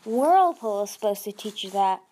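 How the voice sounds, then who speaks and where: A woman's voice: mid-range voice, lively intonation, normal speed, warm tone, close to an everyday voice. A woman voicing a haughty, cruel female sea dragon queen who talks scornfully. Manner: scornful, snarling.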